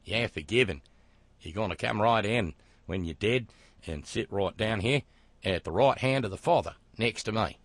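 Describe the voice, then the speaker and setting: A man's voice: on the low side, lively intonation, normal speed, no room sound. A man putting on a laid-back, forgiving Jesus with an Australian accent, talking in a casual, reassuring way. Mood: breezy.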